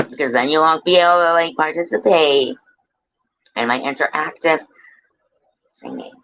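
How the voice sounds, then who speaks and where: A woman's voice: sits low, sing-song, unhurried, long pauses, lo-fi sound, background noise. A woman hosting a casual livestream, chatting with viewers in a playful, teasing way and swearing freely. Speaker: livestream host.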